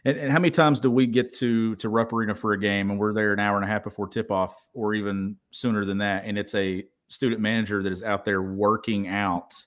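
A male co-host on a sports podcast whose voice sits on the low side. He reflects in a conversational way and builds his points as he goes. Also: steady tone, fairly quick, few pauses. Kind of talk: casual sports talk.

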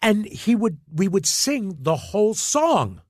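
A man, a guest actor, telling stories in casual chat, animated, repeating words and acting out quotes. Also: high-pitched, slow, no echo, studio quality.

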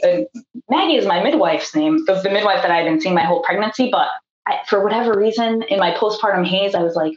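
A woman's voice: medium pitch, lively intonation, fast. A young woman telling her birth story in a chatty, casual way, filling it with likes and acted-out quotes. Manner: chatty, acts out quoted voices, many fillers. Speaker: podcast guest. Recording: echoey, dull remote audio.

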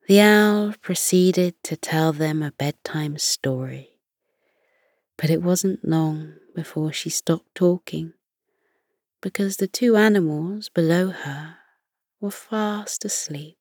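A woman narrating a soothing bedtime story in a soft, hushed voice that often slips into a whisper. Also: low-pitched, takes it slowly, no echo, clean studio sound.

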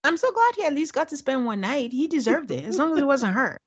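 A woman co-hosting a casual chat, recapping a show with sarcastic, animated storytelling. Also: high-pitched, fast talker, highs cut off. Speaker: podcast co-host recapping a reality show.

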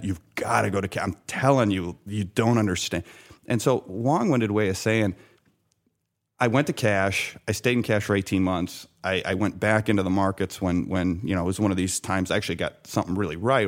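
A middle-aged man telling a story in conversation, acting out what others said and restarting his sentences often. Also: low voice. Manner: animated anecdote teller, acts out quoted voices, many restarts. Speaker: guest, former bank sales desk worker.

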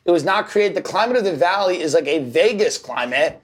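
Man, guest comedian, emphatic rant, high-pitched voice. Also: lively intonation, brisk. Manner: emphatic, ranting delivery. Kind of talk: casual banter.

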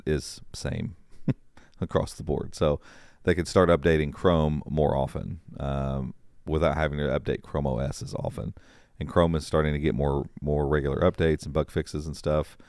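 A man co-hosting a casual tech podcast, rambling and animated, full of restarts. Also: rumbling low, normal speed, hardly any pauses, clear, resonant tone, dry recording, studio quality. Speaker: podcast co-host.

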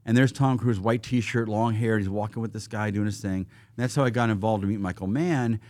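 Fast-talking animated man telling stories. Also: on the low side, dry recording, studio quality. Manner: animated, acts out quotes and gun sounds, restarts often. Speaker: podcast guest, firearms trainer. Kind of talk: casual storytelling.

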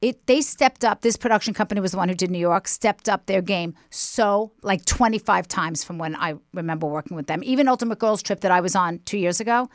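A woman guest on a talk podcast, chatting casually and telling stories with emphatic, animated delivery. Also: mid-range voice, fairly quick, few pauses, no room sound, studio quality. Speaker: guest, reality TV personality. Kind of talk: casual chat.

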